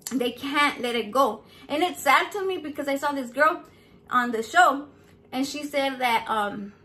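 Brash high-voiced woman vlogger. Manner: brash, foul-mouthed, animated, mixes Spanish into English. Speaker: cooking vlog host. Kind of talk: casual profane chat to camera. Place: home.

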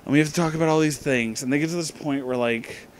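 Man, drunk, profane, ranting comedic movie review, slightly high voice, swings from mutters to shouting. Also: fast talker, smooth. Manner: profane, ranting, escalating into loud outbursts.

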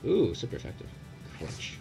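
A young man commentating his own gameplay, excitable and profane, yelling at the game in bursts. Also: moderate pace. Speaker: gaming YouTuber. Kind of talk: let's play commentary. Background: game music.

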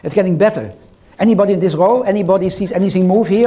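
Speaking quickly in a high register, an older foreign-accented man delivers an interactive lecture in a hall, with background noise audible. He keeps teasing and quizzing his listeners throughout.

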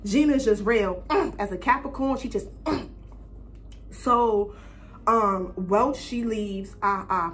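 A young woman vlogger telling a personal story in a casual, animated, profane and slangy way. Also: medium pitch, slow pace, slight background noise.

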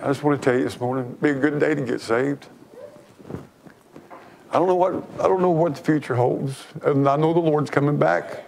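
Gravelly, fervent preacher man. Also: on the high side, normal speed, a little mellow, a little hiss or hum. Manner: fervent, emphatic preaching with repeated phrases. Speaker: pastor. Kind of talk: sermon. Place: church.

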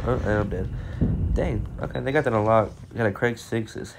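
A man giving casual, excitable gameplay commentary, full of slang and self-mocking trash talk, with game gunfire behind him. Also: fairly low pitch, moderate pace, vocal fry, background noise. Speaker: gameplay streamer. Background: game gunfire and explosions.

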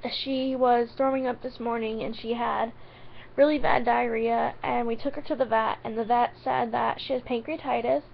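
Tearful woman vlogger on the verge of crying, higher voice with gravelly fry, halting ums, dull lo-fi sound. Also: slight background noise. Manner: halting, full of ums and restarts. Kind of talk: emotional direct-to-camera vlog.

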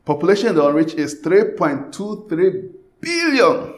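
A man from Ghana preaching a sermon as pastor, swinging between loud passionate bursts and hushed pleading. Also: high-pitched, very animated, normal speed, reverberant.

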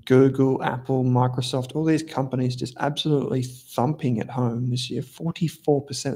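Medium in pitch and mellow in tone, an Australian man hosts an informal investing stream. As a livestream host and investment analyst, he reads out viewer comments and talks loosely, wandering off track, correcting himself, and dropping slang.

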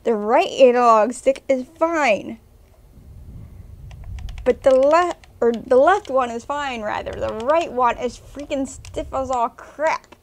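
A woman's voice: sits high, slow pace, a little hiss or hum. A woman doing gameplay commentary at home, chatty and grumbling at the game and the controller. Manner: chatty, scolds the game, soothes her dog. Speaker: let's play host. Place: home room.

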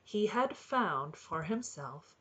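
A woman reading a storybook aloud in a calm, measured way. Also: fairly low pitch, slightly rough, lo-fi sound. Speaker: audiobook reader. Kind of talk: scripted narration.

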